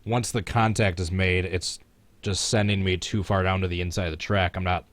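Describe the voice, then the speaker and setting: Low-voiced man streaming a racing game. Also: steady tone, moderate pace, no room sound. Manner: chatty, chuckling, talks to chat while playing. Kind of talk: casual live-stream gameplay commentary.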